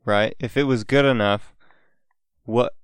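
A man's voice: mid-range voice, steady tone, unhurried, clean tone, no room sound, studio quality. A man co-hosting a podcast, reasoning aloud with rhetorical questions in casual conversation. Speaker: podcast co-host.

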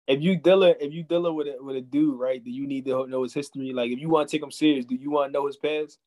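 A man's voice: mid-range voice, steady tone, fast, a little mellow. A young man hosting a casual chat, giving blunt and profane opinions.

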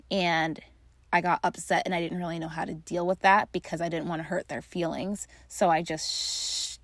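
A woman's voice: fairly low pitch, a bit bright, no room sound. A young adult woman hosting a solo podcast on grief, talking casually and reassuringly straight to her listeners with many fillers. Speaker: podcast host and grief coach.

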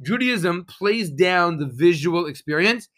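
A man's voice: sits high, measured pace. A man, a rabbi, giving a sermon, telling stories and asking the congregation rhetorical questions, reading Hebrew verses aloud. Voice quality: Hebrew phrases read with traditional pronunciation. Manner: animated storytelling with rhetorical questions.

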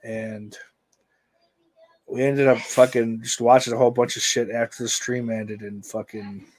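A man's voice: mid-range voice, level tone, a little slow, darkish tone. A man chatting casually on a stream, rambling and swearing, often trailing off into mumbles. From United States.

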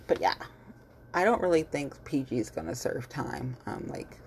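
Woman, vlog rant, gravelly, low-pitched, blunt, cursing, lots of "like". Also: animated, normal speed, a little mellow, a little hiss or hum. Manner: blunt, profane, heated; fillers and repetitions. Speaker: vlogger. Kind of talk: casual ranting commentary.

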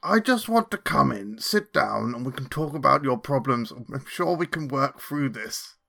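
A man voicing a big blue brute who trades crude insults in a slow drawl. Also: medium pitch, lively intonation, vocal fry, sharp tone, exaggerated voice. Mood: coaxing.

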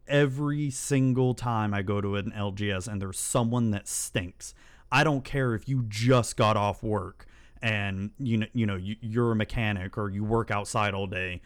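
A man's voice: on the low side, normal speed, smooth. A man telling stories to camera in a casual, rambling way, often swearing and ranting in exasperation. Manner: rambling and profane, with exasperated rants. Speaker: channel host.

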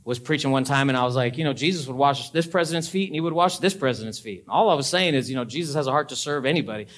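A man's voice: medium pitch, racing. A young adult man preaching a sermon as a pastor, talking conversationally and swinging into emphatic, climbing peaks.

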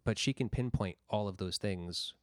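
A low-pitched man chats casually, circling around his points and groping for words. The recording is close and dry, with no room sound. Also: moderate pace, dry recording. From Rhode Island. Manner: rambling, searches for words. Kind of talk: casual chat.

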